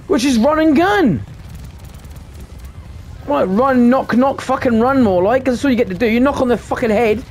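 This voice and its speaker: A man's voice: very high voice, a little fast, hardly any pauses, slight background noise. A man giving live commentary on his gameplay, ranting in frustration and swearing constantly. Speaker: gaming video creator.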